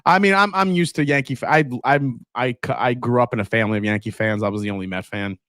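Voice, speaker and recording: A man hosts a casual whiskey livestream, chatting loosely and laughing while reading viewer comments aloud. His medium-pitched, fairly bright voice moves fast, recorded studio-clean with no echo.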